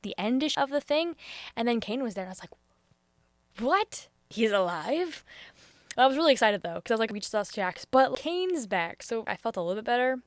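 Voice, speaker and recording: A woman giving a casual spoken review of a show, earnest and openly emotional, with sudden excited jumps, soft near-whispers and hesitant restarts. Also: on the high side, no echo.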